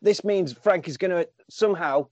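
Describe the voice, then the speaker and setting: A man's voice: sits high, moderate pace, darkish tone, dry recording. A man, animatedly recapping a film on a podcast and swearing casually. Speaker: podcast host. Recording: dull lo-fi dry sound.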